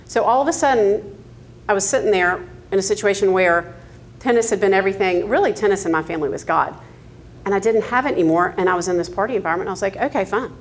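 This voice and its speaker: A woman's voice: medium pitch, fast, a little hiss or hum. A woman in her fifties from the American South, telling her life story with candid asides, ums and light laughs. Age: 50s. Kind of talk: personal testimony.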